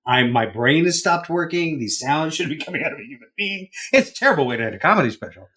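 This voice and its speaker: A man's voice: fairly high pitch, expressive, fast, sharp tone. A man co-hosting a comedy podcast, chatting casually with lots of hesitant fillers. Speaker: podcast co-host.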